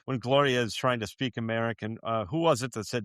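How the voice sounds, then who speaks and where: A man's voice: medium pitch, brisk, fairly bright tone, clear, resonant tone, no room sound, studio quality. Laughing male podcast co-host. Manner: laughs often, hesitant with many fillers. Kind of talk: casual chat.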